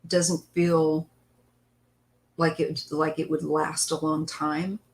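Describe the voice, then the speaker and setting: Slow, low-voiced woman reading tarot live. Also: flat delivery, low-quality recording. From western United States. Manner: chatty, meandering, greets viewers by name. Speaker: tarot reader hosting a live stream. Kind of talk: casual live-stream chat and tarot reading.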